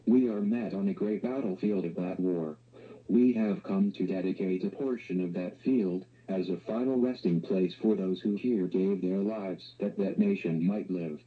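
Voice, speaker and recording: A computer text-to-speech voice of a man, reading in an even synthetic way through tinny playback. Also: deep voice, moderate pace, slightly rough. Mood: measured.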